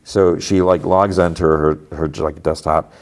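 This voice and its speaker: A man's voice: rumbling low, fairly even intonation, measured pace, darkish tone. A man hosting a podcast, casually recapping an episode in a rambling way, full of fillers and restarts. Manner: rambling, filler-heavy retelling with many restarts. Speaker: podcast host.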